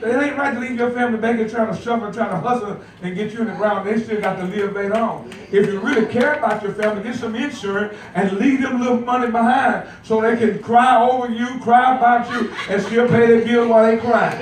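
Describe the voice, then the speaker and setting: A man's voice: very high-pitched, fairly even intonation, brisk, few pauses, noisy background. An older man preaching a sermon as pastor, folksy and joking, calling out to the congregation for responses. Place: church sanctuary. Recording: echoey church heard from far off.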